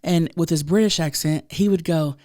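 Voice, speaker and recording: A loud woman in her thirties with a slightly low voice, telling a story in casual podcast chat. She drops into quick impressions of the people she quotes. The sound is dry and close, with no room around it. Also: no echo. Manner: storytelling, quoting others in put-on voices. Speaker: podcast co-host.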